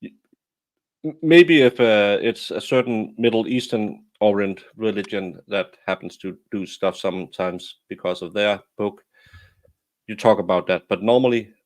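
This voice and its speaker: A man from Denmark with a Danish accent, hosting a casual livestream chat over a video call, halting with many fillers and restarts. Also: fairly low pitch. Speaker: livestream host.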